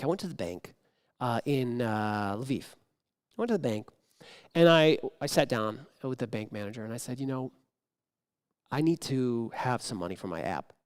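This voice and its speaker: A man telling an improvised comic story on a conference stage before an audience, acting out the dialogue and dropping into sudden whispers. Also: medium pitch. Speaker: improv performer and speaker.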